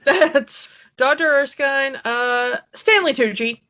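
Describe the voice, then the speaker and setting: A woman co-hosting a podcast in casual chat, rambling with many fillers and quick laughs. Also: high voice, bright, forceful tone, highs cut off. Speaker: podcast co-host.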